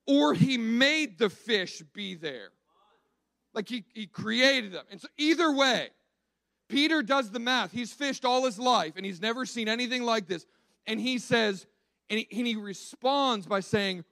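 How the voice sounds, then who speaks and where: High-voiced man preaching in a chatty way. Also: measured pace, creaky, fairly bright tone, no echo. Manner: conversational, emphatic, repeats words as he restarts. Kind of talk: sermon.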